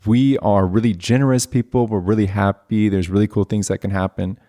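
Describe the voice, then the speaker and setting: A man's voice: lowish voice, steady tone, a little fast, mellow. A man hosting a podcast, asking reflective questions and ending points with "right?". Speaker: podcast host. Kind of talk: conversational interview.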